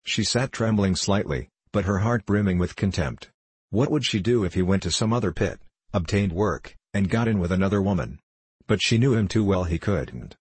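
A man narrates a novel for an audiobook at a steady, measured pace. His low voice carries a slight huskiness, and the recording is close and dry with no room sound.

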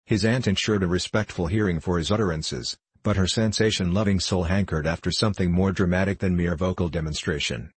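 Low, husky male narrator. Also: dry recording. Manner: measured, even storytelling. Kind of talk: scripted audiobook narration.

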